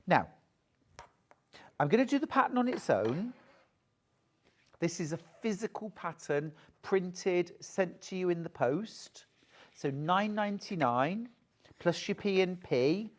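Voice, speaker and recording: A woman's voice: lowish voice, animated, takes it slowly, long pauses. A woman presenting live on a TV shopping channel, gushing over the products and urging viewers to buy. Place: TV studio.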